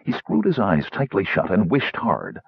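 A man's voice: low voice, huge pitch swings, moderate pace, gravelly, slightly rough, no room sound, lo-fi sound. A man reading an audiobook in a scripted narration style, giving each character a voice of his own.

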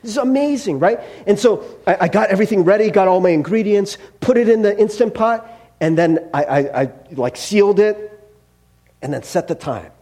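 A man's voice: high voice, moderate pace, mellow. A middle-aged male pastor giving a casual, conversational sermon, chatty and self-deprecating, with lots of fillers and rhetorical "right?" checks.

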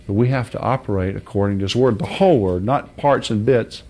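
A man preaching an informal sermon in a blunt, folksy way with mild swearing, dropping low and soft, then rising to high, loud shouts. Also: fairly quick, few pauses.

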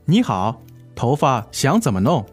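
A man's voice: mid-range voice, sing-song, measured pace, husky, soft background music. A man playing a coaxing, salesy hairdresser. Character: persuasive male hairdresser selling extras. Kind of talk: scripted dialogue for a language lesson.

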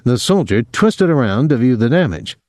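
A man's voice: mid-range voice, very animated, moderate pace, a little mellow, dry recording, studio quality. A man reading a novel aloud as an audiobook narrator, giving each character a voice.

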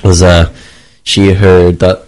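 A man's voice: low-pitched, little pitch movement, slow pace, a little mellow, poor audio. A man chatting casually on a talk show, rambling and stammering as he restarts. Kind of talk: casual chat.

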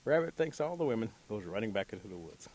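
Man storyteller, husky low voice, lively pitch, relaxed folk tale telling. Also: fast. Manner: relaxed, repetitive, laughs while telling.

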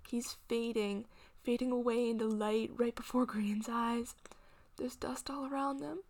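Gravelly woman reading a dark story. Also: fairly high pitch, flat delivery, measured pace. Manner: drops often into hushed whispers. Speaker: story reader. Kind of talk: dramatic fiction reading.

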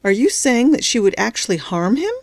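A firm, no-nonsense hospital nurse, voiced by a woman narrating an audiobook, speaks in a clipped, disapproving way. The voice sits a little higher than the reader's own. The recording is dry and close. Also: very animated, a little fast, a little mellow, dry recording. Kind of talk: audiobook character voice.

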